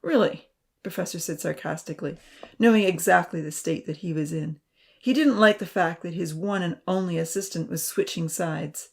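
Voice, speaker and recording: Woman narrator, storybook reading, earnest and gentle, gravelly texture. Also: lowish voice, moderate pace. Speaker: reader.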